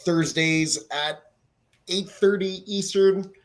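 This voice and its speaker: A man's voice: high-pitched, steady tone, takes it slowly. A man co-hosting a casual podcast, blunt and swearing casually as he chats. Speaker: podcast co-host.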